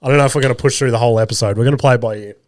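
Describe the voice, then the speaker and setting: A man's voice: mid-range voice, steady tone, rapid-fire, dry recording, studio quality. A man in his thirties with an Australian accent, hosting a podcast while sick, telling stories in a sweary, self-deprecating way. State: sick, voice rough. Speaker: podcast host. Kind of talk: casual storytelling monologue.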